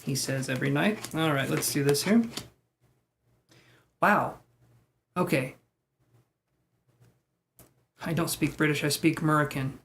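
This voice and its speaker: A man's voice: on the high side, slow pace, creaky, long pauses, fairly bright tone, a little hiss or hum. A man live-streaming tarot readings, chatting with viewers in a joking, self-deprecating way. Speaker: tarot reader.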